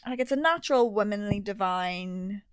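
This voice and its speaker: A woman's voice: mid-range voice, lively intonation, moderate pace, clear, resonant tone, no room sound, clean studio sound. A young woman, chatting frankly and giggling as a podcast co-host. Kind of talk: casual chat.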